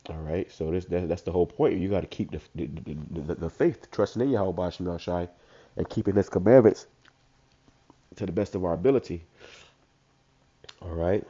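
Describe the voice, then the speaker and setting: A man with a stuffed-up voice who reads verses slowly, then comments on them in casual slang. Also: low-pitched, mellow, breathy edge. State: congested, stuffed up. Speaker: street preacher. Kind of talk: informal scripture commentary. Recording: dull lo-fi recording.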